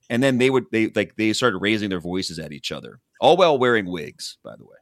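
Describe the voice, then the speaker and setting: A man's voice: on the low side, fairly quick, hardly any pauses, no echo, studio quality. A man hosting a podcast, telling a reality-show recap in casual chat and acting out the people's lines. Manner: animated storytelling, acts out quotes from the show.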